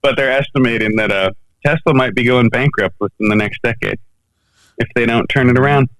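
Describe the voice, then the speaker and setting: A man's voice: mid-range voice, a little fast, fairly bright tone, dry recording, low-quality recording. A man co-hosting a podcast, joking and announcing the segments in casual talk. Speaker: podcast co-host. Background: music.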